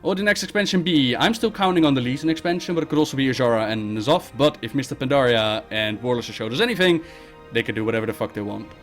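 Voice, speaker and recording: A man hosting a live Q&A stream, reading viewer questions aloud and answering them bluntly and briskly. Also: mid-range voice, a bit bright, soft background music. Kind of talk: casual live-stream chat.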